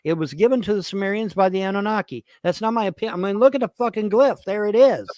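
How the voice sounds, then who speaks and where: A man hosting a show, ranting in profane, repetitive bursts with many halting fillers. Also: sits high, a little mellow, no room sound. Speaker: host. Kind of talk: ranting commentary.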